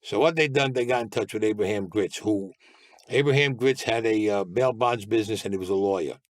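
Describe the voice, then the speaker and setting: As a podcast guest in a storytelling interview, a man with a fairly low voice recounts his own story briskly. He speaks bluntly and in a streetwise manner, mostly in the present tense, and there's no echo.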